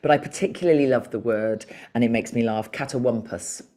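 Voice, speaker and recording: Very low-voiced woman, playful guest. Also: dark tone. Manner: playful and chatty, with thoughtful pauses. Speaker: podcast guest, author and broadcaster. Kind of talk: casual interview chat.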